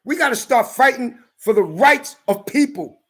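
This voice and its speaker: A man delivering a heated, profane rant to camera, often breaking into shouts. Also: very high voice, lively intonation, normal speed, husky. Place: California.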